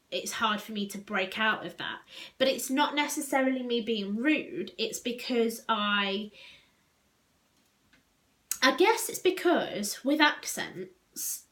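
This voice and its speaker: Woman from England, reflective vlog talk, fairly high voice, halting with ums, uneven pace. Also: a bit bright. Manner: reflective, many ums and restarts, pace shifts. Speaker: vlogger. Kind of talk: personal vlog monologue.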